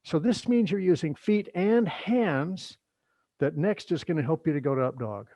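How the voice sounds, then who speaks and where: A middle-aged man leading a yoga workshop, giving instructions in a relaxed, chatty way with joking asides. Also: fairly high pitch, normal speed, dry recording. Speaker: yoga teacher.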